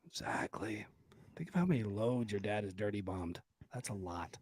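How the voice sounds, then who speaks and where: A man's voice: fairly low pitch, expressive, normal speed, darkish tone, husky. A man co-hosting a comedy podcast, rambling with crude jokes and lots of fillers. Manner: vulgar, joking, rambling with fillers. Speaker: podcast co-host.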